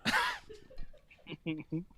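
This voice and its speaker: A man sits at his podcast mic, bantering loosely and cursing freely as he rambles through jokes. His voice sits a little higher than most men's. The sound is dry and close, with no room in it. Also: huge pitch swings, drawn-out words, pushed and bright, breathy edge, no echo. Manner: profane, joking, rambling banter. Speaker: podcast co-host. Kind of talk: casual wrestling podcast chat. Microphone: podcast microphone.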